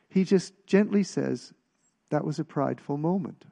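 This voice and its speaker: Preaching at a normal speed, this man has a fairly high-pitched yet gravelly voice with fry. His sermon is relaxed and conversational, and he stresses his points while repeatedly putting questions to the listeners.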